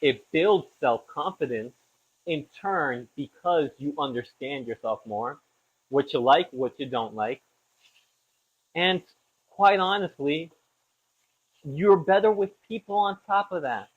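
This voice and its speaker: On slightly dull lo-fi audio, a young man hosts a casual podcast while cooking in his home kitchen, rambling with self-deprecating asides. His voice is on the high side with a breathy edge, and he speaks slowly, pausing often.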